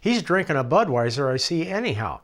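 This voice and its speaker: A man's voice: a little high, sing-song, a little fast, a bit bright. An older man telling rambling stories in a documentary interview, chuckling and acting out the voices of the people he quotes. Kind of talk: storytelling anecdotes.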